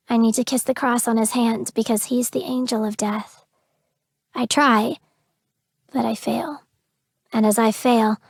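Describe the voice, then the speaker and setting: A woman narrating a dark romance audiobook in the first person, with an intimate, emotional delivery. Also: fairly high pitch, dry recording, studio quality.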